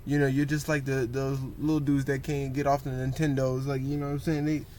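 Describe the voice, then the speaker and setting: A man with a medium-pitched, darkish voice speaks fairly quickly in a level tone. As a vlogger, he rambles casually about meditation and posture, acting out other people's words and often asking "you know what I'm saying." Slight background noise is audible.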